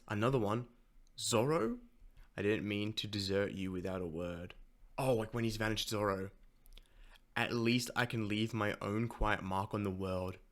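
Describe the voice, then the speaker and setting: Male reaction host, reads manga lines, excitable, sweary, casual. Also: medium pitch. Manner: swears and gasps while reacting; reads character lines in his plain voice.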